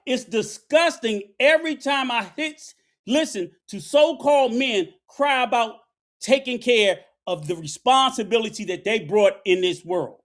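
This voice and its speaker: A middle-aged man delivers a heated, profane commentary rant. His voice sits unusually high for a man, and he preaches and scolds throughout. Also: fairly bright tone. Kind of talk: ranting commentary.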